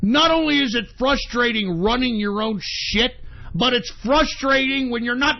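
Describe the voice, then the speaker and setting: Exasperated, gravelly high-voiced man ranting. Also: moderate pace. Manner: exasperated, heavy swearing, repeats himself. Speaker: internet radio host. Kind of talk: angry on-air rant. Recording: dull lo-fi stream audio.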